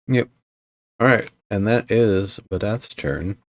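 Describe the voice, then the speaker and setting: A man's voice: fairly low pitch, slow. A man playing a tabletop game as a player, firm and emphatic about his choices.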